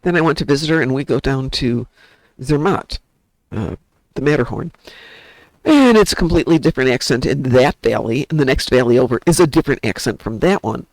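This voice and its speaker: Animated chatty man with a Midwest accent. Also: medium pitch, brisk, no room sound, low-quality recording. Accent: American Midwest. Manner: chatty storyteller. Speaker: streamer and game host. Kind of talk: casual chat while gaming.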